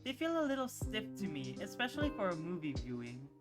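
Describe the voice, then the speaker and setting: A woman voicing a gentle, playful young male furry character from a visual novel, soft and caring with a teasing edge. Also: lowish voice, big pitch swings, brisk. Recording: music playing underneath.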